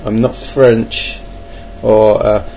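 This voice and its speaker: A man's voice: fairly low pitch, flat delivery, extremely slow, warm tone. English guy rambling about board game plans, lots of ums, kinda muffled recording. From England. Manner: wry, self-mocking, hesitant with many ums. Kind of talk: rambling comic monologue. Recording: dull lo-fi recording with faint noise.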